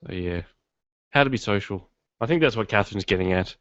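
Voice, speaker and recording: Man, podcast host, low voice, rambling jokey chat, dry dull lo-fi sound. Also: lively intonation, fairly quick, a bit bright, dry recording. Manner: rambling, self-deprecating humour. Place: home studio in his garage.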